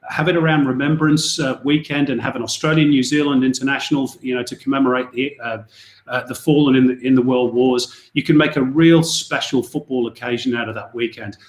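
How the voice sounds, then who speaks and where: Middle-aged English commentator, echoey room. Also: male voice, mid-range voice, fairly even intonation, brisk. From Northwest England. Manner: chatty, anecdotal, with many restarts. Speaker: football commentator. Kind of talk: podcast interview, storytelling.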